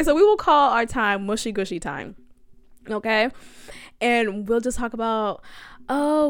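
A woman's voice: fairly high pitch, smooth, no echo, clean studio sound. Chatty young woman telling a story. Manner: chatty, addresses listeners as y'all, laughs often. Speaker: podcast host. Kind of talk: casual storytelling monologue.

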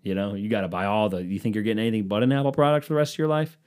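A male podcast host riffing alone in a lowish voice. He rambles from tangent to tangent, swearing freely and poking fun at himself. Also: fairly even intonation, very fast, darkish tone. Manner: rambling, profane, self-mocking. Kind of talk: solo comedic podcast rant.

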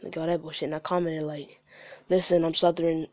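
A man's voice: a little high, little pitch movement, fairly quick, no room sound. A young man on a podcast, rambling and frustrated, swearing a lot in heavy slang. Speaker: podcast guest. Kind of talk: candid podcast chat. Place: studio.

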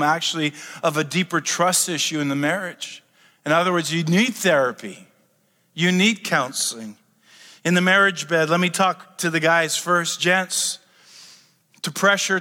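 A middle-aged man preaches in a church sanctuary, his high, bright voice turning animated and humorous. He jokes and builds to excited shouts, and long reverb rings through the hall behind him. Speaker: pastor. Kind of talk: sermon.

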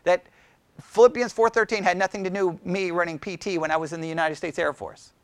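Middle-aged male Bible study teacher, high voice, dry close mic, lively and conversational with the group. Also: fast, dry recording. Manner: chatty, animated, asks the group questions.

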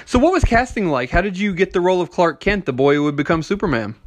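A male interviewer putting direct, lively questions to his guest. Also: sits high, fast, no room sound.

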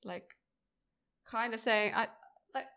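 A woman's voice: fairly high pitch, takes it slowly, vocal fry, pushed and bright. A woman co-hosting a podcast, chatting casually about a TV episode, laughing often. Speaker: podcast co-host. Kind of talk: casual chat recapping a TV episode.

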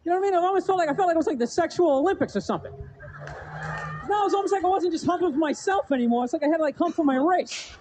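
Man, stand-up storyteller, rambling, quick talker, faint noise behind. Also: extremely high pitch, expressive, a little mellow. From American suburbs. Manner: rambling, fast, full of "you know what I mean". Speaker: stand-up comedian. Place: comedy stage with a live audience.

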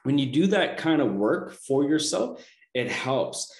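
A man speaks in relaxed conversation, earnest and reflective, often checking in with a quick "right?". His voice carries a noticeable room echo, as if he is talking in an open, live space. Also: medium pitch. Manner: earnest, reflective self-help talk with frequent "right?". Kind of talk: casual chat.

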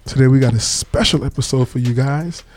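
A man's voice: mid-range voice, brisk, a little mellow, slight background noise. A man hosting a casual podcast, playful and laid-back, often repeating himself. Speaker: podcast host.

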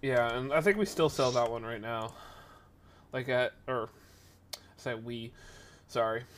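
A man casually telling a rambling workplace story, animated and acting out the voices of the people in it. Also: mid-range voice, a little slow.

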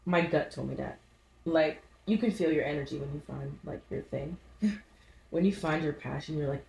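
A woman hosting her own podcast, chatting casually and telling animated stories in which she acts out what people said. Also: sits low, moderate pace, echoey room, rough recording. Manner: animated storytelling, acts out voices in anecdotes. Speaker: podcast host. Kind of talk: casual solo podcast monologue.

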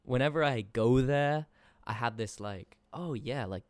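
A man's voice: medium pitch, a little slow, smooth, dry recording, studio quality. A young man from England talking casually on a podcast, rambling with lots of fillers and casual swearing. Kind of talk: casual chat.

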